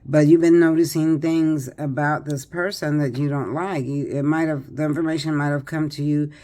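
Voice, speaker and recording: Older woman, tarot reader, mellow voice, tired, rambling with lots of ums. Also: deep voice, steady tone, moderate pace. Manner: chatty, rambling, many fillers and restarts. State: tired, yawning. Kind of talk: casual tarot reading.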